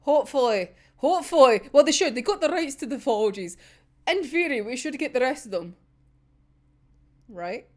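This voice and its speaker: A woman's voice: high-pitched, expressive, normal speed, pauses often. A young woman chatting casually about manga, rambling, swearing freely and giggling often. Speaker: manga reviewer. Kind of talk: casual chat.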